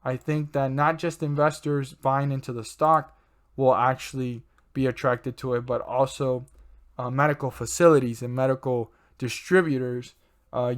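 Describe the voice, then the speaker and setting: A man hosting his own stock channel, talking in a loose, rambling way, with many fillers and self-corrections. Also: medium pitch. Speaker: stock market channel host. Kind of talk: casual rambling commentary.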